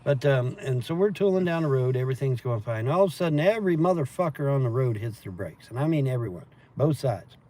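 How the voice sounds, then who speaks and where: A man's voice: mid-range voice, animated, fast talker, hardly any pauses, dark tone. A man hosting a livestream, rambling casually and profanely as he reads and answers chat comments. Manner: profane, meandering storytelling with laughs. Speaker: livestream host reading chat.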